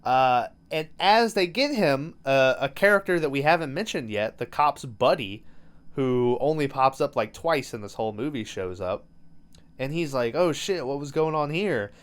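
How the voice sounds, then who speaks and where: A man's voice: mid-range voice, animated, moderate pace, clean tone. A man hosting a podcast, recapping a movie in loose, profane storytelling full of "um" and "like". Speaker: podcast host.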